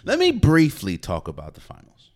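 A slightly high male voice at a moderate pace carries a solo sports podcast. The host is animated and casual, often laughing, and he doubles back on words each time he restarts, captured through a podcast mic.

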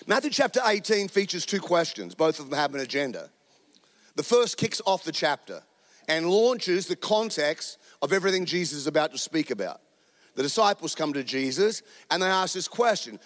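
High-voiced joking male pastor. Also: lively intonation, moderate pace, fairly bright tone, in a large hall. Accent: New Zealand. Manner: joking, conversational preaching. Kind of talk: sermon. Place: church auditorium. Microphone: handheld microphone.

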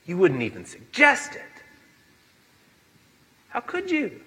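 A male pastor preaching a sermon in a church, emphatic and animated, acting out quotes. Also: high voice, slow pace, husky, low-quality recording.

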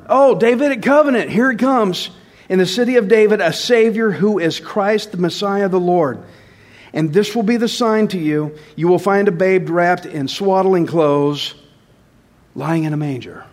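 A man preaching a sermon, swinging between loud stressed phrases and soft, low asides, often slowing down to repeat a line. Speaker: pastor.

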